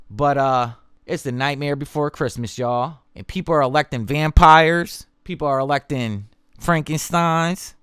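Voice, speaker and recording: A man's voice: a little high, clear, resonant tone, no echo, clean studio sound. A man hosting a podcast in a loose, slangy, repetitive monologue, mocking and talking straight to his listeners. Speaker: podcast host. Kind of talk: casual political monologue.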